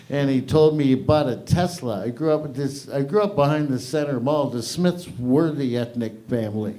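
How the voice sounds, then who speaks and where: A man's voice: medium pitch, dark tone. Middle-aged guy from hamilton doing crude stand-up jokes, hosting, stage mic, crowd around. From Hamilton, Canada. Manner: brash, profane, quick asides to the crowd. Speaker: open mic host. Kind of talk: stand-up comedy. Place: comedy club stage with audience.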